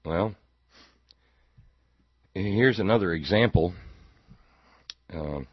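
A deep, husky man delivers a sarcastic talk-show monologue that rambles and stumbles over repeated words. His voice is dry and close, and the recording sounds dull and lo-fi. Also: extremely slow, no echo. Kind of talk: political commentary monologue.

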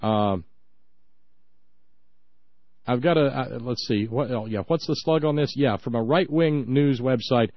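A man co-hosting a political talk radio show, sarcastic and halting, with many fillers. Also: medium pitch, dry recording. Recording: dull dry lo-fi sound.

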